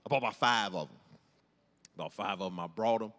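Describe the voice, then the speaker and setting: A comedian telling a story on stage, animated and acting out the scenes and voices. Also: male voice, on the low side, quick pace. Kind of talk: stand-up storytelling. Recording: echoey hall with long reverb.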